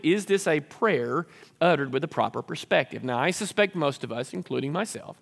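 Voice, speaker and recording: A pastor preaching an earnest sermon, sometimes acting out selfish prayers in a raised voice. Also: male voice, on the high side, creaky, fairly bright tone, long reverb tail.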